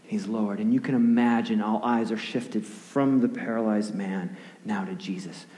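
A male pastor giving a sermon, telling a story vividly and often dropping to a hushed near-whisper, with casual questions to the listeners. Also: fairly low pitch, fairly even intonation, normal speed. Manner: conversational, asks the audience questions. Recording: echoey hall with long reverb.

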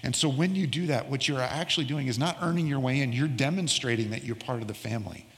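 Middle-aged pastor preaching in a reverberant hall. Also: male voice, medium pitch, fairly bright tone. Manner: storytelling, slows down for emphasis. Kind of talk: sermon with personal story.

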